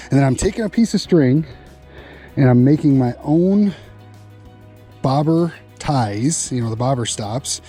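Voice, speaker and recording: A middle-aged man hosting a fishing vlog from a boat on a lake, chatty and easily excited. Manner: excitable, gets loud and high when a fish bites. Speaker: fishing channel host. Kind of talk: casual fishing vlog narration.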